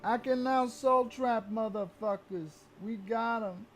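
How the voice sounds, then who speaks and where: A man's voice: very high voice, slow pace. A man commentating his live game stream, cursing in frustrated outbursts with faint game music behind. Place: home room at a computer.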